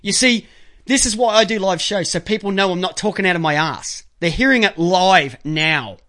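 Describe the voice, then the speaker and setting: A man's voice: high-pitched, sharp tone. A man hosting a live stream, delivering a combative, profane, unscripted rant that calls people out directly. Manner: counts items aloud slowly while looking at pictures.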